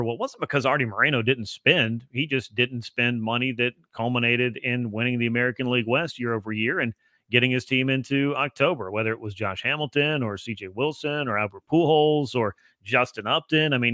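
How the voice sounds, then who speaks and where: A man appearing as a podcast guest, giving long, fluent explanations in relaxed conversation. His voice is bright and forceful, though his pitch is average. The recording is dry and has no room sound. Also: brisk, no echo. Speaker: guest analyst. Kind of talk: casual sports podcast talk.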